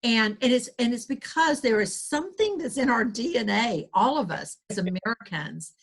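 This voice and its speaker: A woman's voice: fairly high pitch, animated, moderate pace, breathy edge. A woman with a Southern US accent, a guest author talking earnestly in a rambling interview, with many restarts. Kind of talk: conversational interview.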